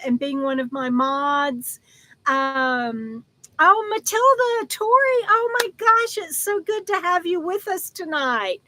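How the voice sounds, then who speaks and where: Older woman, live-stream host, chatty and affectionate, high bright voice, halting delivery. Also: poor audio. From Texas. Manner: chatty, affectionate, laughs often, halting with fillers and restarts. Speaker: livestream host. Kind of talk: casual live-stream chat reading comments.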